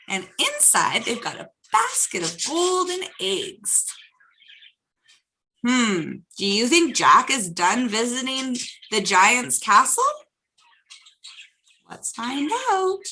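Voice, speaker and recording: A woman's voice: a little high, slightly rough, poor audio. A woman hosting a children's storytime, reading a picture book aloud and asking the kids questions as she goes. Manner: animated, asks the children questions.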